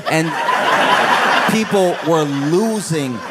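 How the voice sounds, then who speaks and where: A man performing a stand-up comedy set, telling a story with animated delivery and bursting into shrill shouted voices for the people in it, audience laughter behind him. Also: very slow, very noisy.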